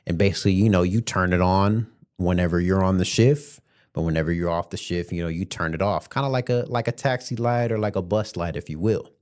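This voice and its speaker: A podcast host who drives rideshare tells a story about it in a casual monologue, chatty and slangy, laughing along the way. His voice sits low, a little mellow, and moves fairly quickly.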